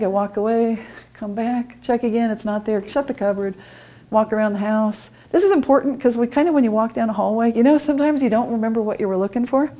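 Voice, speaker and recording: A woman's voice: a little high, mellow. A middle-aged woman giving a conference talk, telling personal stories with frequent laughter and acting out her own thoughts. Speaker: conference speaker. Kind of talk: storytelling presentation. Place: conference room.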